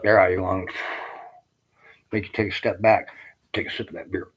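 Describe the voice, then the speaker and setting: A man in his late fifties with a somewhat low voice rants on in a loose, rambling way. He sounds aggrieved and swears constantly as he wanders from one complaint to the next. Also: moderate pace, pauses often, a little hiss or hum, low-quality recording. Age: 50s. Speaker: army veteran ranting to camera. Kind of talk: rambling personal rant.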